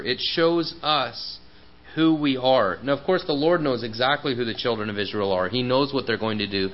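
Earnest male preacher, conversational sermon delivery, slightly muffled church recording with faint hiss. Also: mid-range voice. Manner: earnest and personal, with many fillers and repeated words.

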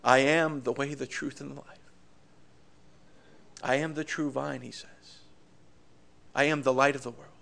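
A man's voice: medium pitch, steady tone, unhurried, gravelly, pauses often, fairly bright tone, a little hiss or hum. A man preaching a sermon with passion, his voice swelling and dropping, with stammered restarts. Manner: impassioned, rising and falling in volume, with stammered restarts.

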